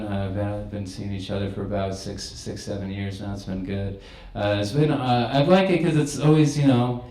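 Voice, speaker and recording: Young male comedian, low voice, crude conversational stand-up, echoey club room. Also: a little mellow. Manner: conversational, crude, laughs at his own jokes. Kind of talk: stand-up set.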